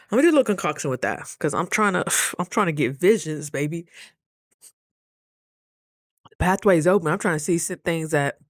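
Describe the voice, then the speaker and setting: A woman talking casually to her camera, chatty and affectionate, calling her viewers baby and jumping up high when she quotes people. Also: dry recording, clean studio sound. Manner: lively, jumps high for quoted voices. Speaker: vlogger.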